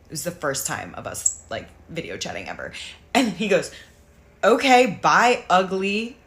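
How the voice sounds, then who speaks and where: A woman telling a dating story in an animated, exasperated way. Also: extremely low pitch, a little fast, vocal fry. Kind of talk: storytime video.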